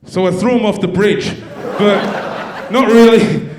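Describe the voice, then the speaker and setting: Profane Australian stand-up comedian. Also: male voice, sits high, takes it slowly, background noise. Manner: profane, dark deadpan storytelling. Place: university theatre with live audience.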